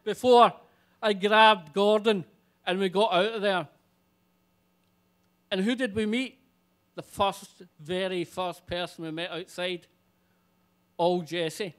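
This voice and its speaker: A man telling a comic personal story live on stage, animated and swearing freely. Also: high voice, slow pace, long pauses, clear, resonant tone.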